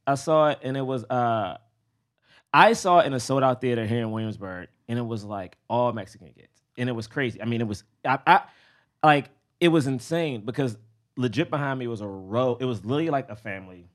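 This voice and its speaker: Young man, animated, lively intonation, casual podcast chat. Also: mid-range voice. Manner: animated, talks fast, laughs often. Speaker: podcast co-host.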